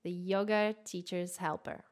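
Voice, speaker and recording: A woman's voice: on the low side, little pitch movement, unhurried. A woman co-hosting a podcast, opening the show cheerfully and putting questions to a guest. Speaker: podcast co-host. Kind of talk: podcast interview.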